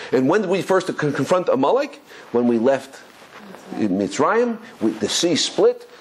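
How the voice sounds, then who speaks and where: A rabbi giving an animated Torah class, telling stories excitedly with stumbling repetitions and chuckles. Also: male voice, fairly high pitch, a little slow, a little hiss or hum. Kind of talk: animated Torah lesson with storytelling.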